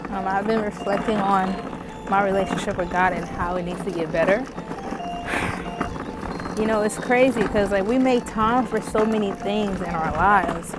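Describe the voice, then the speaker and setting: A woman's voice: medium pitch, moderate pace, a little hiss or hum. A woman vlogger talking casually and earnestly to camera, out of breath, calling the viewer sis and girl. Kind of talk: casual faith talk to camera.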